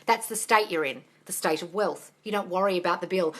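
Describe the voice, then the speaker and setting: A woman's voice: fairly low pitch, brisk, hardly any pauses, a bit bright. A woman hosting a casual live-stream Q&A on manifesting, talking bluntly and animatedly and swearing freely.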